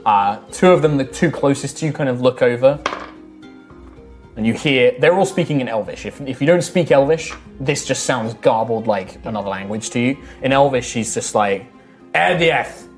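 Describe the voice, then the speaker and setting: A man's voice: medium pitch, normal speed, faint music behind. A man narrating as game master for a tabletop game, describing scenes in a loose, rambling way with many fillers and restarts.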